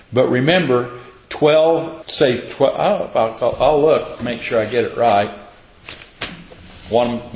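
A man preaching a conversational sermon, folksy and casual, acting out scripture in everyday speech. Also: medium pitch. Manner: casual, folksy, acts out scripture in plain talk. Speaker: pastor. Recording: roomy, dull sound.

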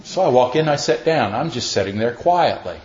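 A man's voice: mid-range voice, expressive, fairly quick. A middle-aged male pastor telling a self-mocking story in a sermon, acting out the dialogue in a folksy way. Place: church. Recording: echoey room, dull lo-fi sound.

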